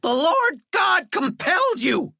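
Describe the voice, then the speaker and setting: A man's voice: very animated, takes it slowly, vocal fry, pushed and bright, no echo, studio quality, exaggerated voice. A man voicing a short, panicky man who shrieks and screeches in terror. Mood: panicked shrieking. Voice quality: shrill, screeching.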